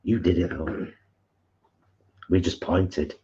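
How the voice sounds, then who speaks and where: A man's voice: low voice, fairly even intonation, slow, dark tone. A man with a Geordie accent co-hosting a live stream, playful and teasing as he reads out comments. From North East England. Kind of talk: casual live-stream chat. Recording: dull lo-fi stream audio.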